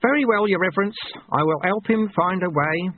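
A man's voice: high voice, brisk, pitched above the performer's own voice. A man voicing a wry old male sweeper monk who talks in a mild, knowing way and quotes sayings. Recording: tinny phone-like audio.

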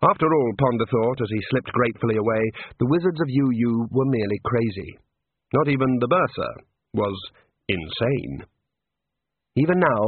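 A man reading a comic fantasy audiobook in a wry, measured way. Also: mid-range voice, breathy edge, no echo. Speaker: audiobook narrator. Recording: narrow phone-like band.

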